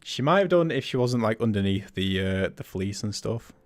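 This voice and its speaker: A man's voice: on the low side, expressive, normal speed. A man chatting through a game livestream, thinking aloud and laughing often. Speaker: streamer. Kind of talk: livestream gameplay commentary.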